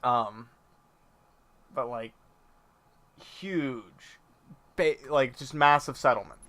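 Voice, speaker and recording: A man's voice: mid-range voice, drawn-out words, sharp tone. Amused man telling a rambling story. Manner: rambling, amused, often laughs mid-sentence. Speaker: co-host playing a video game. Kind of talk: casual gaming chat and storytelling.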